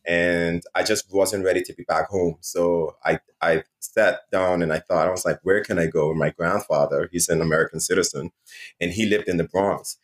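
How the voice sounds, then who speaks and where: Deep-voiced Caribbean man, easygoing. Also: steady tone, moderate pace. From Saint Martin. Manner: easygoing, upbeat, chuckles while talking. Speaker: guest. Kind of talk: casual interview chat.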